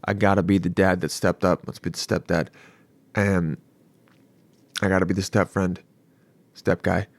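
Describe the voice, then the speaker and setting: A young man hosting a casual podcast, telling a story in a rambling, animated way, swearing now and then and acting out what people said. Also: low voice, normal speed, creaky, long pauses, dry recording. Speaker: podcast host. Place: studio.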